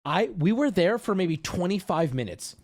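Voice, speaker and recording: A man streaming, telling a rambling story to his chat in a casual, animated way and acting out the people in it. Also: sits high, normal speed.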